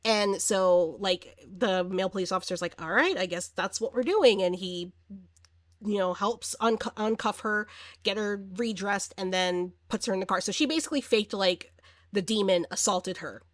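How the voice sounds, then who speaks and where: A woman reviewing a horror movie in a casual recap, chatty and animated, full of fillers and acted-out quotes. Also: medium pitch, normal speed, dry recording, studio quality.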